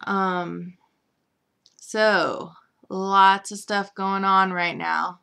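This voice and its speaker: Young woman host, bright tone, giggly casual recap chatter. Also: mid-range voice, level tone, very slow, creaky, smooth. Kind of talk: casual chat.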